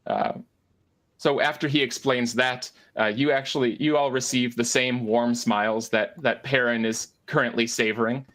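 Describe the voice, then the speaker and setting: A man runs a tabletop role-playing game, describing the scene at a middling pitch. He hesitates often, restarting sentences and filling pauses as he narrates. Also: steady tone, a bit bright. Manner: hesitant, many fillers and restarts. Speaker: game master.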